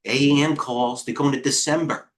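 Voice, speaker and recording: A middle-aged man hosting a live trading stream, giving casual market commentary in a rambling way, with quick asides, restarts and talking to himself. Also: mid-range voice, steady tone. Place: indoor room with a heater on.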